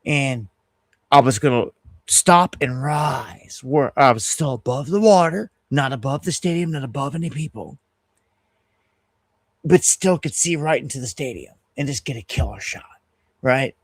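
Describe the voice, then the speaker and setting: A middle-aged man hosting a casual livestream, telling a story in an animated, heated way and restarting his sentences often. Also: mid-range voice, a little slow, no echo. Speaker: host of an independent news livestream.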